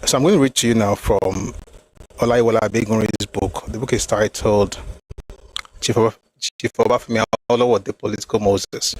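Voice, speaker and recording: A man's voice: lowish voice, fairly even intonation, fairly quick, a little hiss or hum, low-quality recording. A man hosting a talk show, reading from a book and explaining each point with emphatic repetition. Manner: emphatic, repeats phrases to drive points home. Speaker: host.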